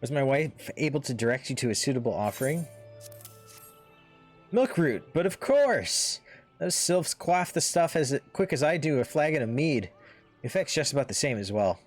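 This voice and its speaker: A man's voice: mid-range voice, very animated, moderate pace. A man voicing a folksy, forgetful male forest villager from a fantasy game, in a wavering drawl he likens to a drunk Yoda. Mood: jolly. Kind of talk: reading game dialogue aloud in character. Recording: faint music underneath.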